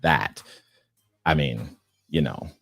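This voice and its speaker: A man's voice: rumbling low, slow pace, gravelly, slightly rough. A middle-aged man hosting a casual livestream, reading viewer questions aloud and riffing on them with easy chuckles. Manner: relaxed, chuckling, reads questions aloud and riffs. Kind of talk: casual live-stream chat.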